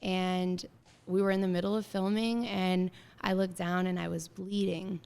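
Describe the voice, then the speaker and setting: A woman around thirty, a guest in an interview, telling her story in a lively way and acting out bits of dialogue, with many filler words. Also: fairly low pitch, normal speed, gravelly, clear, resonant tone. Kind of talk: casual interview conversation.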